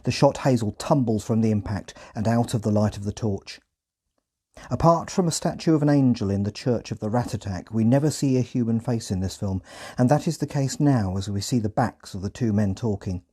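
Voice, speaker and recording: Mellow-voiced podcast narrator. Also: male voice, fairly low pitch, slightly rough. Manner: measured, descriptive scene-by-scene retelling.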